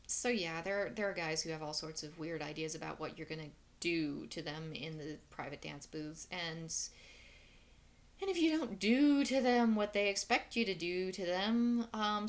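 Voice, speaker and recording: In a fairly low, fairly bright voice, a woman casually recalls stories from her past work. She's frank, wry, and matter-of-fact, chatting along in a monologue full of fillers and restarts.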